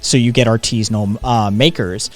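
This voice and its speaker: A man's voice: on the low side, steady tone, moderate pace. An American man hosting a live stream, chatting casually, rambling with lots of ums and frequent swearing. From United States. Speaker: streamer host. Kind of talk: casual chat.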